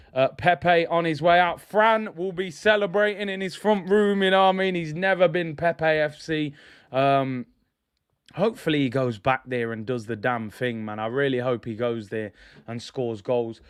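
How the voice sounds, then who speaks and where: A man's voice: medium pitch, steady tone, moderate pace, clear, resonant tone, no echo, studio quality. A man hosting a football fan live stream, chatting casually and upbeat as he reads out viewer messages.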